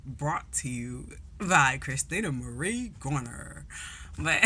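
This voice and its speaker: A young woman with a St. tells stories to her vlog in a bright, slightly low voice. She is blunt and profane, and she animates her stories by acting out the people she quotes. Her delivery is casual and unscripted. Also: a little hiss or hum. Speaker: vlogger. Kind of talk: casual storytelling monologue.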